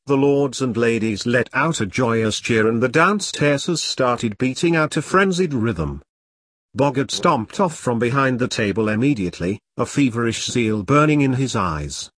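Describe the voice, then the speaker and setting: Husky male audiobook narrator. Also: mid-range voice, lively intonation, moderate pace, fairly bright tone, no room sound. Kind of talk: scripted narration.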